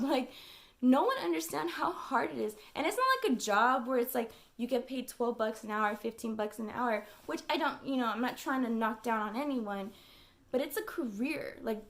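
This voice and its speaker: A young woman vlogging, venting in a casual, emotional way, with fillers and swearing. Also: a little high.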